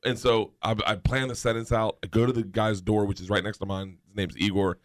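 A man telling a comedic story as a podcast guest, animated and laughing as he goes. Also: fairly low pitch, a little fast. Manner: animated, laughs through his own story.

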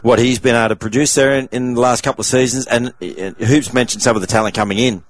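A man speaking in a measured, hedging way as a panelist in a sports chat. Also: mid-range voice, steady tone.

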